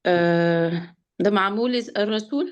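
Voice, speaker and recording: A woman student in an online class, answering in an unsure, halting way. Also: medium pitch, smooth.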